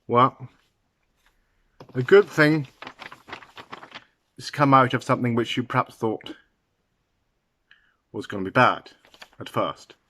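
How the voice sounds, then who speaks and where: A man's voice: mid-range voice, lively intonation, pushed and bright, a little hiss or hum. Man patiently explaining sayings. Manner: unhurried, halting with fillers and restarts. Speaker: English teacher. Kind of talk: explaining idioms to learners.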